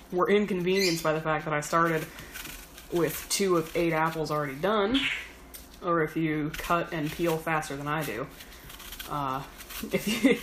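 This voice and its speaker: A woman chatting casually while she cooks at home, rambling and swearing with self-mocking humor. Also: sits low. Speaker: home cook. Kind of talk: casual chat while cooking. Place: home kitchen. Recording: kitchen noise with knife chopping.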